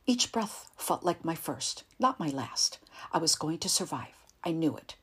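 A woman narrating a first-person story in a quiet, tense, measured way. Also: deep voice, sing-song, husky.

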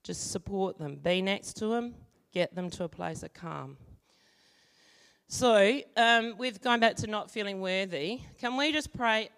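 A woman giving a sermon, moving from an animated story with acted-out voices to calm teaching and prayer. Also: mid-range voice, unhurried. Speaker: church speaker. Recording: long hall reverb.

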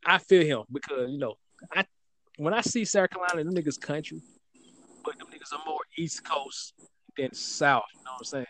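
Slightly high-voiced man musing loosely. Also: sharp tone, a little hiss or hum. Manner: loose, drawn-out musing with frequent "you know what I'm saying". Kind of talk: casual chat about rap music.

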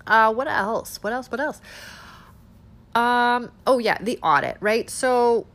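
A woman's voice: a little high, slow pace. Sarcastic stuffed-up woman hosting commentary. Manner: sarcastic, animated, rhetorical questions. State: stuffed-up nose. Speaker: political commentary host. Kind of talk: casual political commentary.

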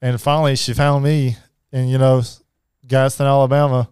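A man telling his life story as a podcast guest, halting, with many fillers and restarts. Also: medium pitch, level tone, darkish tone, clean tone, no echo, studio quality. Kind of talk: personal storytelling.

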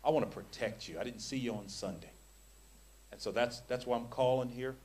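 A man putting on a hushed, syrupy church brother. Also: fairly low pitch, animated, normal speed, slight background noise, pitched below the performer's own voice, natural voice. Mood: tender. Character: overly tender male churchgoer giving compliments.

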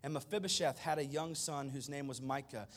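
A male pastor retelling a scripture story as a sermon, dramatic, swinging between loud stretches and hushed ones. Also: medium pitch, a little fast.

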